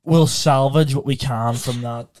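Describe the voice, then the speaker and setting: A man's voice: medium pitch, fairly even intonation, a little slow, darkish tone. A young man, co-hosting a podcast and telling stories with frequent laughter. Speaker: podcast co-host. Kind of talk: casual chat, storytelling.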